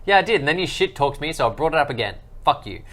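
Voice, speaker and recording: A man's voice: on the high side, very animated, racing, bright, forceful tone. A man hosting a casual podcast, joking and teasing his co-hosts. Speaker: podcast host.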